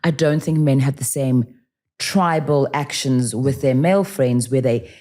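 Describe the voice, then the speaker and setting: A woman in her forties, a podcast guest telling stories in casual interview talk, animated and acting out bits of dialogue. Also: extremely low pitch, unhurried. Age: 40s.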